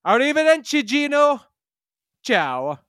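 A man putting on a boastful Italian prime minister with a thick put-on Italian accent, sing-song and loud. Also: extremely high pitch, very animated, slow, no room sound, clean studio sound, pitched above the performer's own voice, full character voice. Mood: hammy.

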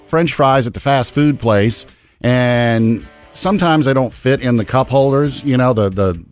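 An easygoing man co-hosts a casual radio chat. His voice sits at an ordinary middle pitch, and he runs through small items without fuss. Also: unhurried, clean tone, soft background music. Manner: easygoing, reads out news items. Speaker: radio co-host.

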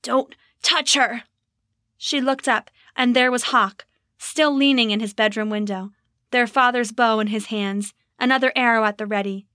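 Bright expressive woman storyteller. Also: fairly high pitch, normal speed, clear, resonant tone, no echo, clean studio sound. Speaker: narrator. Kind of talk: storybook reading.

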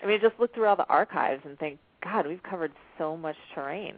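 A woman's voice: fairly low pitch, fairly quick. A woman guest chatting candidly on a radio talk show. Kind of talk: casual radio chat. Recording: dry tinny phone line.

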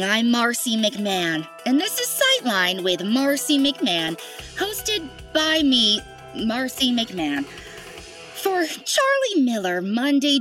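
An actress playing a theatrical, self-promoting TV newsmagazine host. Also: female voice, high-pitched, fairly bright tone, exaggerated voice. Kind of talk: broadcast host parody.

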